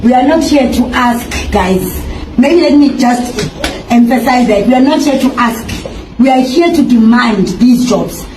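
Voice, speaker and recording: A woman from South Africa speaking forcefully to officials at a protest, making demands. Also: high-pitched, noisy background. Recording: distant, echoey field recording.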